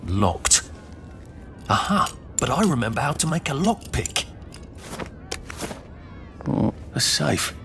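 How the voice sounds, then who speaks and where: A man's voice: mid-range voice, sing-song, slow, vocal fry, pauses often, full character voice. An actor playing a nervous, polite young Englishman in a video game, dry and muttering asides to himself, with an English accent. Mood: musing. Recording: noisy game audio.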